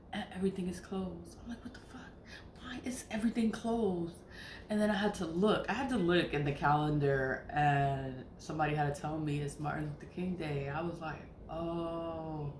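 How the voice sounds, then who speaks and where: Speaking in a fairly low voice, a woman vlogs casually about spiritual topics, swearing freely and laughing a lot. The echoey room adds faint ambience and slight background noise.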